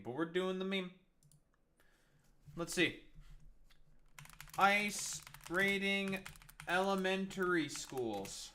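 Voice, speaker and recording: A man's voice: high-pitched, sharp tone. A man ranting over news clips, angry, profane and sarcastic. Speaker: streamer reacting to news clips.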